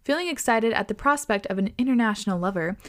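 A woman hosting a podcast, reading listener stories aloud in an expressive way, swearing and laughing often. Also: on the high side, fast talker. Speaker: podcast host.

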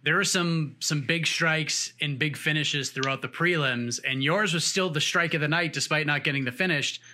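A man hosting a sports interview show, energetic and full of hype. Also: a little high, moderate pace. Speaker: host.

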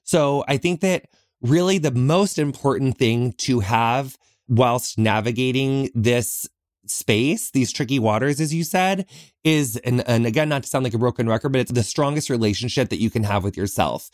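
A man's voice: medium pitch, normal speed, no echo, clean studio sound. A man hosting a podcast, talking alone in an earnest, reflective way from inside a small closet, often saying "like". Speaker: podcast host. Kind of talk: heartfelt solo podcast talk.

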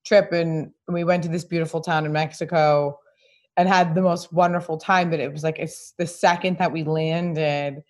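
Candid, animated woman host. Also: low-pitched, moderate pace. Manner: candid, animated storyteller who acts out quotes. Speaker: podcast host. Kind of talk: casual chat.

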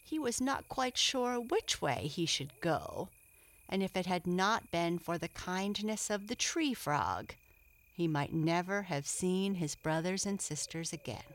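Slow, gentle woman storyteller. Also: lowish voice, expressive. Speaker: narrator. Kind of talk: storybook narration.

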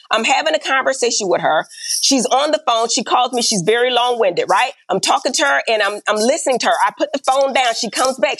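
Blunt, animated high-voiced woman. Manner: blunt and animated, acts out quoted dialogue, peppers talk with "right?". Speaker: reality TV star and podcast guest. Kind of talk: candid interview storytelling.

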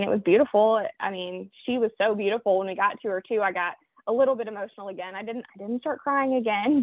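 A woman from Oklahoma, a guest telling a hunting story in an interview, reflective and halting with many fillers. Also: medium pitch, no room sound. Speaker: guest hunter. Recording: tinny phone line.

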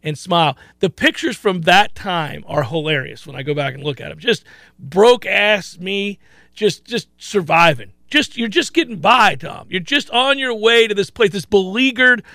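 A man hosting a sports radio show in a studio, telling stories in animated, exclaiming bursts. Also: sits high, moderate pace, creaky, dry recording. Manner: animated storytelling, rising to loud exclaiming. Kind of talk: casual sports radio chat. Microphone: studio mic.

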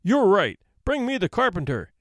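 A hot-tempered old judge bellows demands and blame in a lively, swooping voice, as a male storyteller acts him out. The sound is close and dry, with no room around it. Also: high voice, normal speed, no echo. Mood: stern. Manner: barking, roaring commands.

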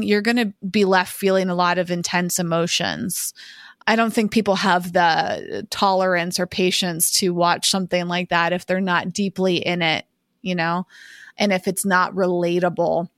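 A woman co-hosting a podcast, talking in a measured, thoughtful way in casual conversation. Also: on the low side, fairly even intonation, a bit bright, no echo, clean studio sound. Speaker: podcast co-host.

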